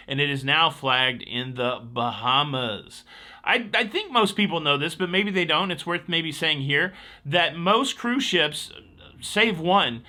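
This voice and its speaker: A man with a very bright, forceful voice, talking a bit higher than most men. He hosts a casual cruise news show and runs the stories with chatty, joking asides straight into a close mic.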